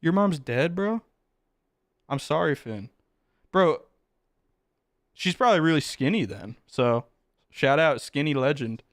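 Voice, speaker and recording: A man's voice: a little high, animated, measured pace, pauses often, no room sound, clean studio sound. A man streaming live, chatting casually with his chat, joking and swearing as he reacts. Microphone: close desk mic with headphones.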